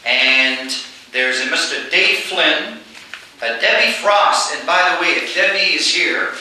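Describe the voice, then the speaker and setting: An older man speaks to a public meeting in a folksy, joking, plain-spoken manner. His voice is bright and fairly high for a man. It rings through a very echoey hall, picked up from a distance. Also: animated, slow. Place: large community hall. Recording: echoey hall, distant mic, faint hiss.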